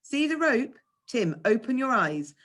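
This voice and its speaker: Kindly climbing coach, male, reassuring and steady, lively intonation; a woman reads him. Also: fairly high pitch, measured pace, pitched above the performer's own voice, full character voice. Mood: coaxing. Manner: coaxing, reassuring. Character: patient, encouraging male climbing instructor. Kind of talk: reading a children's novel aloud.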